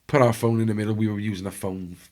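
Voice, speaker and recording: A lowish-voiced man with a Cardiff accent tells a story from the streets as a podcast guest. He talks bluntly and casually, swears freely, and slips into the voices of the people in his story. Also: steady tone, quick pace, a little mellow. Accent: Welsh, Cardiff.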